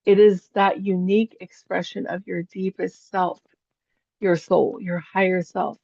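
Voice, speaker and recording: A woman's voice: on the low side, little pitch movement, measured pace, gravelly, warm tone, dry recording. Chatty woman teaching, dull dry sound. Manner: chatty storyteller, laughs often. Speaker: psychic and spiritual teacher. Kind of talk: teaching an online class.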